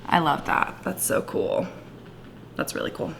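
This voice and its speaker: A woman talking through her makeup in a casual, gushing vlog, with a playful put-on Southern twang and soft whispered asides. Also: a little slow. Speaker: beauty vlogger. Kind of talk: casual makeup tutorial chat.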